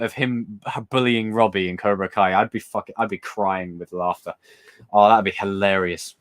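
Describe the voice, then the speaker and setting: A young man hosting a casual live stream, answering chat questions in a rambling, excitable way and swearing freely. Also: mid-range voice. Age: young adult. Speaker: livestream host reading chat questions.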